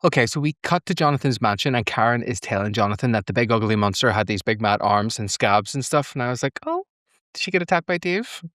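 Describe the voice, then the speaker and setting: A man's voice: on the low side, fast, few pauses, fairly bright tone, no echo, clean studio sound. A man co-hosting a podcast, joking and self-deprecating as he recaps an episode. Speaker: podcast co-host. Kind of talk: casual chat.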